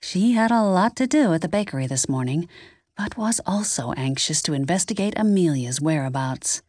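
Woman narrating an audiobook, low and lively. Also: no room sound, clean studio sound. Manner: measured storytelling, varied intonation. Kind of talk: scripted narration.

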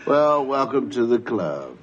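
A man playing a father in a sitcom, telling stories in a mock-exasperated, animated way. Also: mid-range voice, measured pace, slightly rough, highs cut off.

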